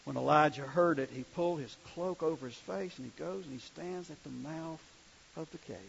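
A man's voice: fairly high pitch, brisk, creaky, muffled recording, a little hiss or hum. A male preacher giving a sermon in a conversational way, asking the congregation questions as he reads scripture.

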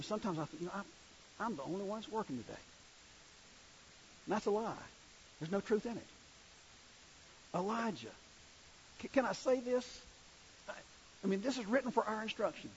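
A man's voice: high-pitched, animated, moderate pace, pauses often, highs cut off, a little hiss or hum. A male preacher giving a sermon in a conversational way, asking the congregation questions as he reads scripture.

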